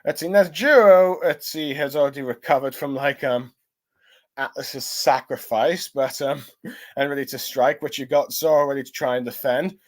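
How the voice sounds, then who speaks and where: A man's voice: mid-range voice, normal speed. Rambling man recapping with many ums. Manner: rambling, lots of ums and self-corrections. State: a little tired. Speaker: chapter reviewer. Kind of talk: casual recap and review.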